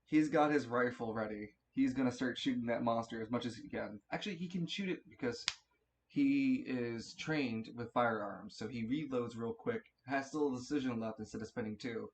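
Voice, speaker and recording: A man's voice: mid-range voice, moderate pace, a little hiss or hum. A man running a tabletop game as game master, narrating turns casually, swearing freely and often restarting his sentences.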